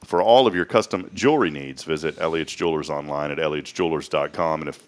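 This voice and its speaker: A man's voice: rumbling low, fast. A man hosting a local morning show, talking in a folksy, rambling way with lots of fillers. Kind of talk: casual morning show chat. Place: small studio.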